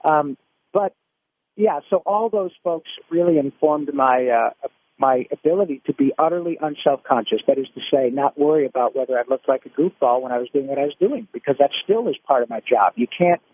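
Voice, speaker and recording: A man from Michigan, a guest voice actor, telling stories in an animated way with many restarts in a casual interview. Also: fairly high pitch, fairly quick, dry recording. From Michigan, USA. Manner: animated storyteller, frequent restarts. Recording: dry, phone-like line.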